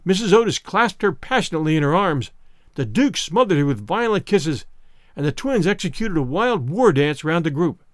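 A male audiobook narrator gives a measured, expressive scripted reading of a classic story, in the style of a storybook narrator. His voice is fairly high-pitched, and the clean studio recording has no room sound.

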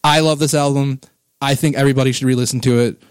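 A man's voice: mid-range voice, steady tone, fast talker, clear, resonant tone, no echo. A man in his thirties or forties hosting a casual music podcast, rambling with enthusiasm and getting emotional about favorite records, on a close microphone. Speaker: podcast host.

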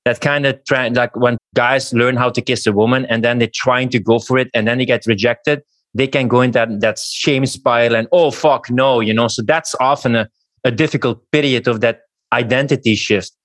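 A man's voice: medium pitch, fairly even intonation, fairly bright tone, dry recording. Reflective man with a dry, close sound. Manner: reflective, measured questioning. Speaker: podcast host. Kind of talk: casual podcast conversation.

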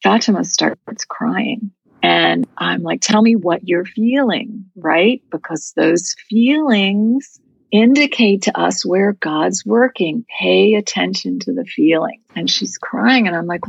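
A woman's voice: mid-range voice, sing-song, slow pace, gravelly, husky, no echo, highs cut off. A woman guest in an interview telling a story in an earnest, heartfelt way.

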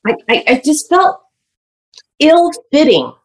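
A woman in her fifties, a guest author on a podcast, telling her story in an animated way with many fillers. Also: high-pitched, takes it slowly. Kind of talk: podcast interview.

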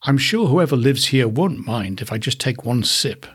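A man reading a storybook and voicing Goldilocks, a curious little girl, in a raised, breathy voice. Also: medium pitch, lively intonation, normal speed, a bit bright, no echo, clean studio sound.

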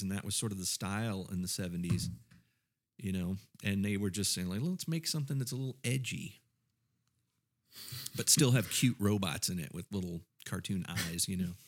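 A man on a casual panel talk about horror films, rambling with many fillers and restarts, who grew up in the American South. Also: on the low side. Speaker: podcast panelist. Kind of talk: casual chat.

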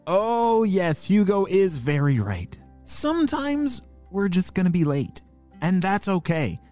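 A man narrating a children's story, animated and talking directly to young listeners with questions. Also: high voice, takes it slowly, faint music behind.

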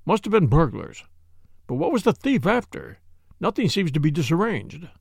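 A man voicing a stolid, unemotional military man who speaks quietly and tersely in an audiobook reading. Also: fairly high pitch, sing-song, moderate pace, creaky, slightly rough, no room sound, studio quality, heavily acted. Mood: grave.

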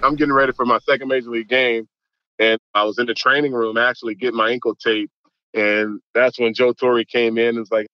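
A young man from Mississippi, an athlete telling an animated story in an interview. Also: medium pitch, fairly quick, clear, resonant tone, no echo, lo-fi sound. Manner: animated storyteller, quotes people in lively voices, laughs along. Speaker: baseball player.

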